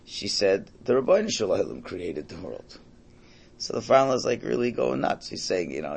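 A man's voice: fairly low pitch, big pitch swings, a little fast, vocal fry, breathy edge. A man teaching a Torah class, telling Hasidic stories in a conversational way. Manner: storytelling, conversational, quotes characters.

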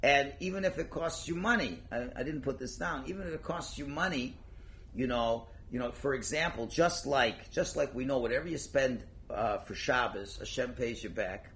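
There's a little background noise as a medium-pitched man talks at normal speed, leading a relaxed religious lecture as a rabbi. Lively and joking, he dramatizes ordinary arguments and dialogue and uses Hebrew and Yiddish terms.

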